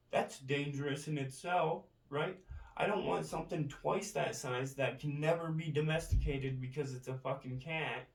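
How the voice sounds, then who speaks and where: A man's voice: on the high side, vocal fry. A man vlogging in a profane, rambling monologue, tagging his lines with "right?". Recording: roomy, distant from the mic.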